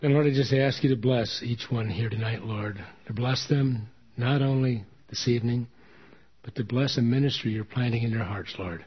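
A man leads a church meeting, speaking with earnest conviction before moving into a fervent closing prayer over the people gathered. His voice is husky, at an ordinary pitch for a man. The recording is dull and lo-fi. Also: moderate pace. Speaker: pastor.

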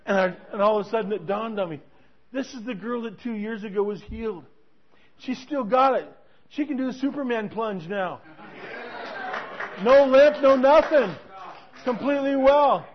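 High-voiced preacher telling a story, lo-fi. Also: male voice, a little fast. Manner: animated, with many restarts. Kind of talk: sermon storytelling. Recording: dull lo-fi recording.

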